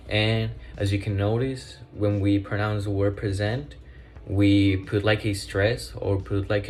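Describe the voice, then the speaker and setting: Low-voiced young man explaining word stress. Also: a little mellow. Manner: loose explanatory, with fillers like "like". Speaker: student presenter. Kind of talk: class presentation voice-over.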